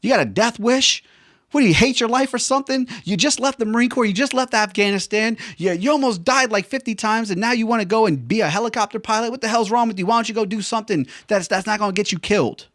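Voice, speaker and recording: A man's voice: high-pitched, fairly bright tone, no room sound, clean studio sound, voice pushed up. A man doing his scolding grandmother. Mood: angry, alarmed. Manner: exasperated, rapid scolding questions. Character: scolding worried grandmother, older woman.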